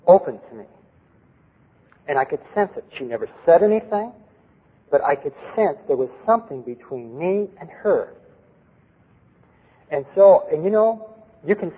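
Brief: middle-aged male preacher, slightly high husky voice, earnest, tinny lo-fi recording. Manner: earnest, asks the audience rhetorical questions. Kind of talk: sermon with personal story. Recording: tinny lo-fi recording with long hall reverb.

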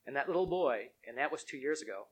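A man preaching a sermon, telling stories earnestly and swinging from soft asides to loud emphasis. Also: mid-range voice, animated, fast talker, slightly rough, poor audio.

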